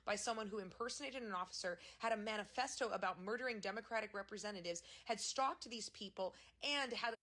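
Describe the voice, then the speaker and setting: A woman's voice: medium pitch, fairly quick, few pauses, bright, forceful tone. A woman giving emphatic, indignant political commentary.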